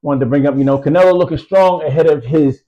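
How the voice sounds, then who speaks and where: A man's voice: on the high side, fast talker, muffled recording. A man giving casual boxing commentary, rambling with lots of fillers and street slang, from the US East Coast. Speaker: boxing news vlogger.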